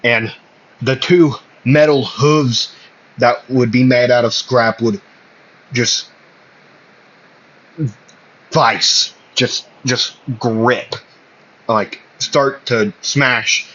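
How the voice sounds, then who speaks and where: Male fan storyteller, slow and meandering, full of ums, lo-fi mic. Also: medium pitch, fairly even intonation, a bit bright. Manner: rambling, hesitant, many fillers and self-corrections. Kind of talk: casual spoken fan fiction. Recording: slightly muffled lo-fi audio.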